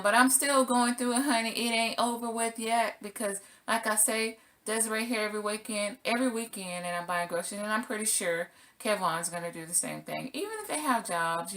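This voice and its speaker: Brief: middle-aged woman vlogger, casual, animated storyteller, bright tense tone. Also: mid-range voice, fairly quick, few pauses. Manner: animated, acts out her own exclamations. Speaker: single mother vlogger.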